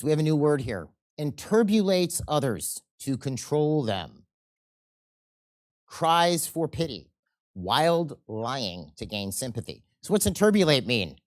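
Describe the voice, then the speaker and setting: A man teaching a seminar, animated and often checking in with the audience, and acting out quoted people in changing voices. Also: a little high. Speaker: seminar instructor. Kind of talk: live seminar lecture.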